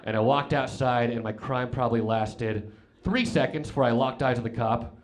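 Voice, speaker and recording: A man's voice: mid-range voice, normal speed. A young man from Colorado doing a stand-up comedy set on a club stage, telling rambling, self-deprecating stories full of stammered restarts.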